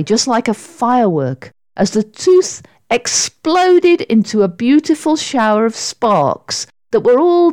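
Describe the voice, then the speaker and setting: A woman narrating a children's storybook with an expressive, deliberate delivery. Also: a little high, no room sound.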